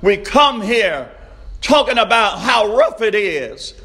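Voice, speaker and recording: A man preaching a sermon, slow and emphatic, repeating his refrains and rising to shouts. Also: high voice, big pitch swings.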